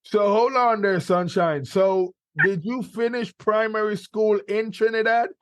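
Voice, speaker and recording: Male podcast host, encouraging interviewer, dry close sound, unhurried. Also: high voice, fairly even intonation, fairly bright tone, no echo. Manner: unhurried, encouraging, affirms with short remarks. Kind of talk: interviewing a guest.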